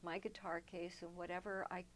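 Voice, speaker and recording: A woman's voice: fairly low pitch, level tone, brisk, a little hiss or hum, rough recording. An older woman, a guest in an interview, telling long personal stories in a reflective way, often restarting her sentences. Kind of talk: storytelling in a sit-down interview.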